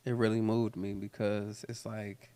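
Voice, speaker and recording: A man hosting a candid talk, telling personal stories full of swearing and laughter, then turning quiet and reflective. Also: lowish voice, little pitch movement, measured pace. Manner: profane, laughs often while telling stories; turns quiet and reflective when serious. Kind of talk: candid storytelling conversation. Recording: long hall reverb.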